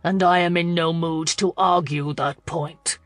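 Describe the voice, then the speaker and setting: A woman narrator voicing a furious, lovesick young duke who speaks forcefully and pleads. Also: medium pitch, fairly even intonation, moderate pace, no echo, faint music behind. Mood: cold.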